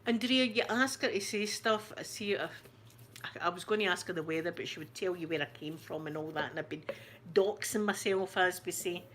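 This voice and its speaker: Talking a little fast, the Scottish ASMR host rambles to her channel's viewers in casual live-stream chat, laughing often. Her voice is on the low side and fairly bright, with slight background noise.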